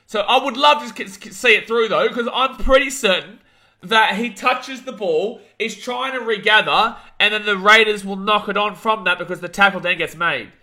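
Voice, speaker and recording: A young Australian man hosting a live watch-along of a rugby league match, calling the play, reading chat and ranting, shouting at big moments. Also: sits high, moderate pace. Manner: excitable, rants, shouts at big plays.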